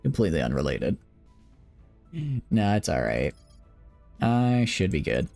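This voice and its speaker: Young man, low gravelly voice, tired, rambling joking stream commentary, lively pitch, dry close sound, faint game music behind. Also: a little slow, no room sound. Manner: rambling, joking, self-deprecating. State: tired, late at night. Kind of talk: casual live-stream commentary.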